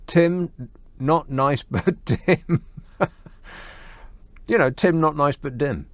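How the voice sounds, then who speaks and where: A man's voice: a little high, no room sound. A British man hosting a radio phone-in, talking in a dry, teasing, sarcastic way. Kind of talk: late-night radio phone-in chat. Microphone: studio microphone.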